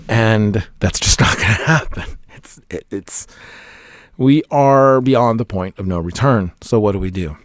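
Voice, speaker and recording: A man's voice: lowish voice, animated, normal speed, no echo, studio quality. A man, a military veteran, talking casually to camera as a fatherhood vlogger, rambling and emphatic with little laughs between points.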